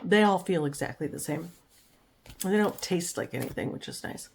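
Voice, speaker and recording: A woman chatting casually in a home vlog, relaxed and talkative, sometimes cooing to her dog. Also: fairly low pitch, moderate pace, vocal fry, slight background noise. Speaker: vlogger. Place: home, indoors.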